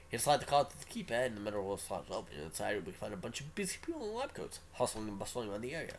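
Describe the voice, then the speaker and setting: A male streamer reads a story game aloud with a low voice. His pitch moves around a lot, and he throws in casual, offhand asides. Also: sing-song, rapid-fire, few pauses, slight background noise. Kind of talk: reading a visual novel aloud.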